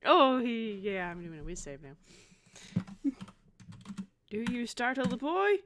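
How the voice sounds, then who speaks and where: A woman's voice: fairly high pitch, very animated, unhurried, a bit bright, slight background noise. Giggly woman tabletop player. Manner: giggly, rambling. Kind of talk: tabletop game play, casual chat.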